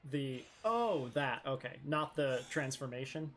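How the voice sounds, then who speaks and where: A man chatting casually on a stream, replying in a quiet, hesitant way. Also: mid-range voice, lively intonation, measured pace. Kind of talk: casual chat.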